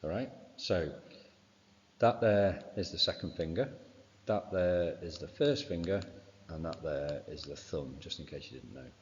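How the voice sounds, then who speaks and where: Male science teacher, very low voice, muffled reverberant recording, casual revision walkthrough. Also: measured pace, darkish tone. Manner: informal, fills with "right" and "okay". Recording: dull sound with long reverb.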